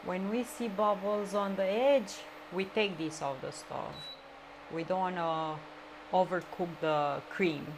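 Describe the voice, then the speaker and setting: A woman chatting casually with viewers as she cooks live in her home kitchen, often pausing to search for words. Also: fairly low pitch, steady tone, background noise. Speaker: streamer cooking live. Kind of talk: casual live-stream cooking chat.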